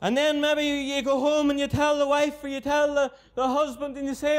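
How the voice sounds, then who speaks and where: A man's voice: very high voice, level tone, brisk. A man with a Northern Irish accent preaching a gospel sermon in a mission tent, earnestly repeating his appeals to the unbeliever.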